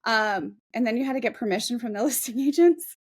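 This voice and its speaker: A woman's voice: on the high side, expressive, a little fast, slightly rough. A woman in her forties, a real estate agent, chatting in an interview in a self-deprecating, laughing way. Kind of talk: casual interview chat.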